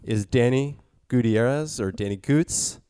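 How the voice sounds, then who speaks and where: Podcast host, man, mid-pitched, stumbles and apologizes, casual chat. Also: a little slow, warm tone, clear, resonant tone, no echo, clean studio sound. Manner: hesitant, apologetic, restarting sentences.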